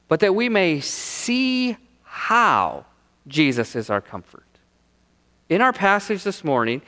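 Brief: male pastor, high lively voice, measured unhurried delivery, preaching in a church with long hall reverb. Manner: animated preaching, rhetorical questions, dramatic pauses. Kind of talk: sermon.

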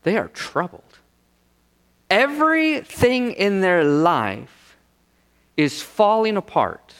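Brief: male pastor, high lively voice, measured unhurried delivery, preaching in a church with long hall reverb. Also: clean tone. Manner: animated preaching, rhetorical questions, dramatic pauses. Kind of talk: sermon.

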